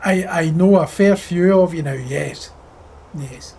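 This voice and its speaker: A man's voice: on the high side, takes it slowly, gravelly, darkish tone, slightly rough. A Scottish man chatting casually on a flight sim live stream, full of crude, profane joking banter with his chat. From Scotland.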